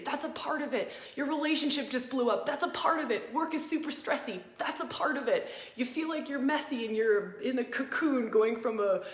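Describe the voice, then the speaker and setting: A woman teaching embodied astrology, guiding listeners through a practice in a gentle, inviting way and repeating phrases for emphasis. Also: sits high, a little fast, few pauses. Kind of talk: guided practice talk to a live audience. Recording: roomy echo.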